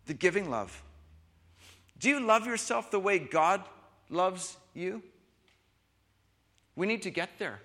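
Man, pastor, sermon, high bright voice, expressive swings from soft to loud, long hall echo.

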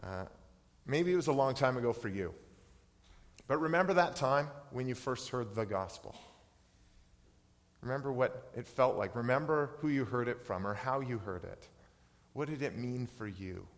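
A man's voice: medium pitch, expressive, moderate pace, pauses often. A man in his thirties preaching a sermon as pastor, earnest, personal and reflective. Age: 30s. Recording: long hall reverb.

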